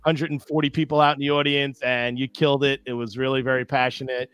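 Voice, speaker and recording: A man's voice: mid-range voice, little pitch movement, fast, fairly bright tone, clear, resonant tone, dry recording. A man from New York co-hosting a live show, speaking with enthusiasm and often stumbling over words. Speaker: co-host. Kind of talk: casual live show chat.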